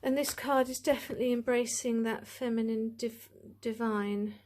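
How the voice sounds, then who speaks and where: A woman's voice: fairly high pitch, steady tone, moderate pace, a little mellow. A woman chatting to camera as she reviews a tarot deck, gushing, rambling and full of asides.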